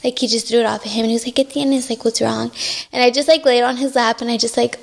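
A woman's voice: a little high, steady tone, quick pace, gravelly, slight background noise. A young woman telling a personal story as a podcast guest, with frequent likes and Spanish words mixed in. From Mexican-American family. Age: young adult. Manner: talks with many likes, mixes in Spanish words.

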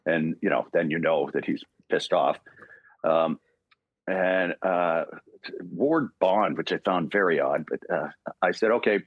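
A man's voice: sits low, unhurried, breathy edge, dry recording, narrow, tinny audio. An older man from Ontario, Canada, a voice actor telling stories as a guest in an interview, acting out dialogue and laughing often. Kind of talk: podcast interview storytelling.

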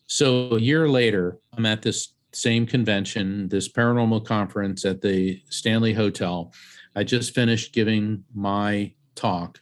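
A middle-aged man from Central Florida, a psychic medium and author, telling a vivid story as an interview guest and acting out the voices of the people in it. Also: a little slow. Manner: animated storyteller, acts out voices and raises his pitch sharply.

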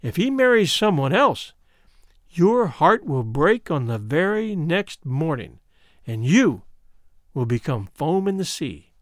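A man's voice: fairly high pitch, very animated, slow pace, dry recording, studio quality. A man voicing a scheming old sea witch. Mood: warning.

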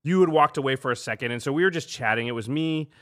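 A man hosting a podcast, telling a story in casual chat, animated and laughing often. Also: mid-range voice, fast. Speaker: podcast host.

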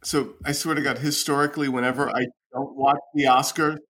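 A man's voice: mid-range voice, level tone, brisk, fairly bright tone. Man telling rambling comic stories. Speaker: guest comedian. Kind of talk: casual comedic storytelling.

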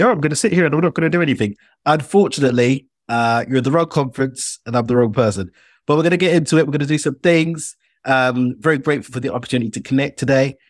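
A British man giving an interactive online keynote, energetic and playful, speaking straight to his audience. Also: mid-range voice. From Britain.

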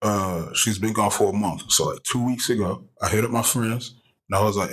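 Male caller, low and husky, relaxed slangy storyteller. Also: normal speed, rough recording. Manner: laid-back, slangy. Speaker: caller leaving a question. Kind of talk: casual storytelling.

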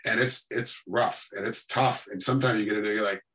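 A middle-aged man, a combat sports referee, telling animated stories in a casual chat and acting out what people said. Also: on the low side, a little fast, low-quality recording. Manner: animated storytelling, acting out quotes. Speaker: MMA referee, guest.

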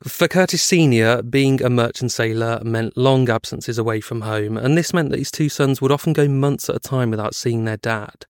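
A man co-hosting a true-crime podcast, moving between a steady scripted narration and loose, hedging chat. His voice is smooth and clear. The sound is dry and close, with no room around it. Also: medium pitch, moderate pace, few pauses, dry recording. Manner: reads prepared script, then chats with hedging fillers. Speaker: podcast co-host.

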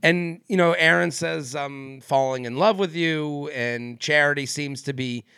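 A podcast co-host chats casually in a slightly high, gravelly voice, keeping a measured pace with a sharp, clear, resonant tone. He rambles, stuffing his talk with fillers and restarts, and laughs often. The studio recording is clean with no echo.

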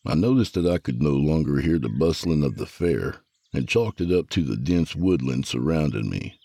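A man tells a first-person story in a very low, gravelly voice with a husky edge. The recording is dry and close, with no room sound at all. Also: animated, moderate pace, mellow, no room sound. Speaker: narrator.

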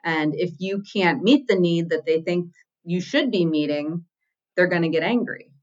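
A woman's voice: fairly low pitch, moderate pace, dull audio. A woman therapist guest explaining relationship patterns and acting out the quoted lines. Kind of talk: casual podcast conversation.

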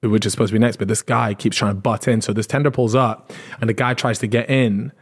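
A man, podcast co-host, telling a long story in casual chat, animated, swearing and acting out what others said. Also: lowish voice, fast talker. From Britain. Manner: animated, swearing, acts out quotes.

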